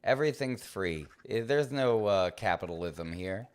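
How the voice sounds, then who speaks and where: Deep-voiced playful male streamer. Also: animated, normal speed, hardly any pauses, clear, resonant tone. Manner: playful, rambling, talks to himself and the game. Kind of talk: casual gameplay commentary.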